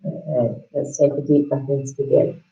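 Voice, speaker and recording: A woman yoga teacher guiding a class through stretches and a meditation mantra, in a slow, soothing and gently encouraging way. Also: a bass voice, fairly even intonation, highs cut off. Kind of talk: guided yoga and meditation instruction.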